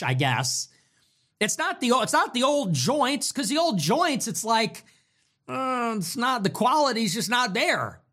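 A man's voice: high-pitched, a bit bright. A young man ranting profanely and sarcastically as a livestream host.

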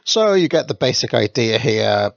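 Gravelly sarcastic man. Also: mid-range voice, sing-song, normal speed, dry recording. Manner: dry, mocking, sardonic. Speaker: reviewer summarizing a story. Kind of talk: casual sarcastic commentary. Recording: dull lo-fi dry recording.

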